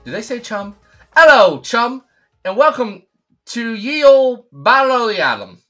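A man's voice: very animated, unhurried, soft background music, exaggerated voice. A man putting on a clumsy British accent to play a hammy old-timey British host greeting listeners. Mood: jolly. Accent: put-on British accent, badly done. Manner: loud, exaggerated, high and sing-song.

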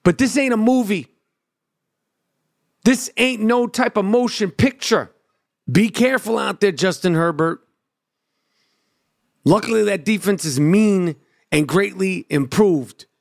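A man's voice: high voice, a little slow, creaky, pauses often. A man giving a brash, profane football opinion rant with swaggering trash talk. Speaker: sports commentator.

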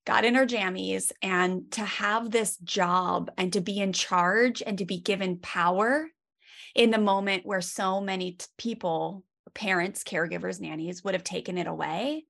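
A woman who works as a parenting educator, telling stories with lively asides as a guest on a casual podcast interview. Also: mid-range voice, normal speed, vocal fry. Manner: lively storytelling with many asides.

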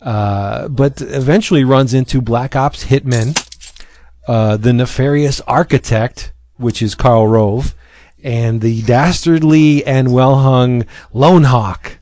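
A man with a mid-range voice speaks slowly in a dry recording. As a podcast host in casual chat, he retells a comic like an animated storyteller, acting out its lines and using lots of fillers.

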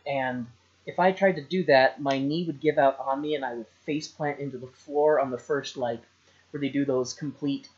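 A man with an ordinary middle pitch chats casually as a podcast co-host. He rambles, restarts and cracks jokes. The recording is a bit dull and lo-fi. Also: steady tone, moderate pace, darkish tone. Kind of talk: casual chat reviewing a film. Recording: slightly dull lo-fi sound.

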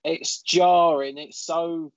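A man in casual podcast chat, halting and searching for his words. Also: a little high, steady tone, no echo. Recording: dull lo-fi audio.

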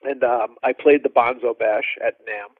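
A male drummer telling animated stories as a podcast guest, with lots of fillers and restarts. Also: mid-range voice, normal speed, no echo. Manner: animated, laughing storyteller, many fillers. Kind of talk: casual storytelling interview. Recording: dry phone-like line.

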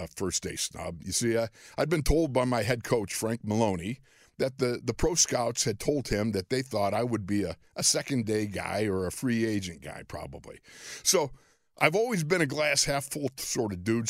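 A man in his sixties from Western New York, a podcast host and former football player telling a story in an animated, self-deprecating way, often chuckling. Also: lowish voice, no room sound, clean studio sound. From Western New York, USA. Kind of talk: storytelling monologue.

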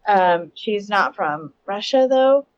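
A woman's voice: medium pitch, lively intonation, takes it slowly, muffled recording, slight background noise. A young adult woman co-hosting a podcast, telling stories in a chatty way and laughing often. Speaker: podcast co-host. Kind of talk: casual podcast chat.

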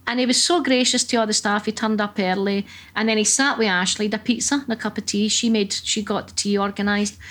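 A woman's voice: mid-range voice, a little fast. Sweary Scottish woman telling stories. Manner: lively, profane storyteller. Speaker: comedian guest. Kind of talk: casual chat.

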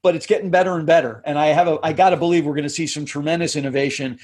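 Husky high-voiced male coach. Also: fairly even intonation, darkish tone. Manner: measured, explanatory, drops pitch to end points. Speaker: communication coach, podcast guest. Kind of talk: interview conversation.

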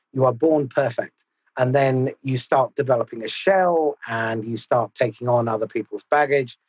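A man hosting a podcast, talking in a measured, thoughtful and slightly formal way. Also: medium pitch, breathy edge, highs cut off. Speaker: podcast host. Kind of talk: reflective interview talk.

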